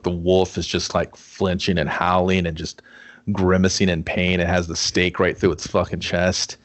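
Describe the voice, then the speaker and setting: A young man co-hosting a podcast, recapping a movie in casual, profane chat and acting out lines. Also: low voice. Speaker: podcast co-host.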